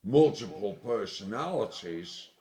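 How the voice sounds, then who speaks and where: A tipsy man delivering an angry, sweary, rambling monologue, with sudden loud outbursts. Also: fairly low pitch, expressive, a little slow. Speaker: vlogger. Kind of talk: ranting monologue.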